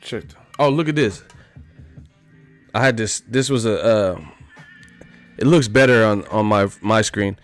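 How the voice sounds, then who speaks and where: A man's voice: on the low side, measured pace, pauses often, soft background music. A man hosting a live stream, chatting casually with his viewers in a joking, profane way and laughing often. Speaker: live stream host reading chat. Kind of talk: casual chat.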